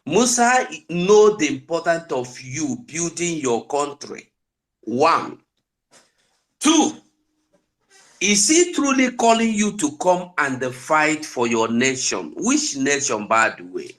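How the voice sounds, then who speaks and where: A man's voice: fairly high pitch, very animated, slow pace, a bit bright. A Nigerian man with an accent mixing Pidgin into his English, giving an impassioned, preaching political talk on an online call. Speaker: invited speaker on an online call.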